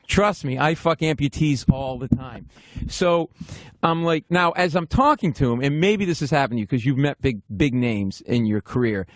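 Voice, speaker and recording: A man who is a stand-up comedian, telling a casual anecdote as a podcast guest in an animated, profane way. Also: medium pitch, normal speed, dry recording. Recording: dry studio sound.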